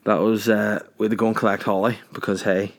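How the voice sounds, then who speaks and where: A man in his thirties from Northern Ireland talks into his podcast mic in a loose, rambling monologue. His voice sits a little low, and he swears freely while joking around. He acts out both sides of each conversation as he tells his stories. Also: little pitch movement, quick pace. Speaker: podcast host, comedian. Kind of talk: casual storytelling monologue.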